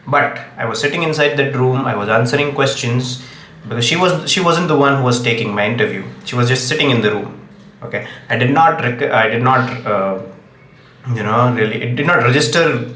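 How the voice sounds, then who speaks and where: Indian-accented male commentator, emphatic monologue, mid-pitched, echoey room with faint hum. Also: brisk, sharp tone. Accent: Indian English. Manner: emphatic, repeats "okay?" to press points. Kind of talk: solo opinion monologue.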